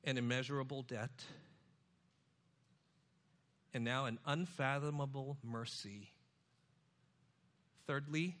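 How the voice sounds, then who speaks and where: A man preaching an expository sermon, moving between loud emphasis and hushed, low asides. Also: a little slow, pauses often.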